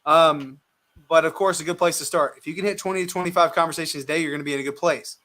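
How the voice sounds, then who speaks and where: A man's voice: a little high, steady tone, quick pace, pushed and bright. A man hosting a show, chatting casually and coaching viewers while he makes live phone calls, upbeat and sympathetic. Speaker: real estate investor and show host.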